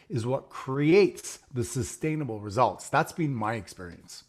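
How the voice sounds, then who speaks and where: A man's voice: mid-range voice, animated, a little slow, darkish tone. A man hosting a casual conversation, telling personal stories and acting out the quoted exchanges. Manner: storytelling, acts out quoted exchanges. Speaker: program founder and host.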